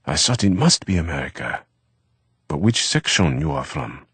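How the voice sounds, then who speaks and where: A man voicing a wary, reserved young Frenchman with a French accent and formal, halting phrasing. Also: a bass voice, big pitch swings, fairly bright tone, breathy edge, no echo, exaggerated voice. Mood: guarded.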